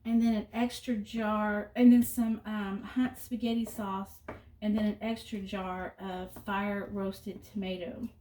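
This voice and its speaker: A woman's voice: mid-range voice, little pitch movement, measured pace, dark tone, distant mic. A middle-aged woman chatting and telling rambling stories while she cooks in her home kitchen. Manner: chatty storyteller, rambling asides. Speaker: cooking vlogger. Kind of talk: casual chat while cooking. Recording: roomy kitchen, voice off-mic.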